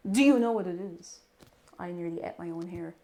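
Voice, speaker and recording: A woman's voice: lowish voice, moderate pace, warm tone. A woman with an Irish accent casually chatting with her livestream viewers while baking, playfully greeting them by name. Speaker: livestream host.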